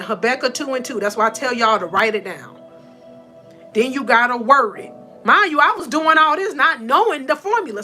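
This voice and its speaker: A woman's voice: high voice, sharp tone. A woman hosting a faith-based motivational livestream, telling a personal testimony, calling her viewers y'all, emotional and close to tears. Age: adult with four sons.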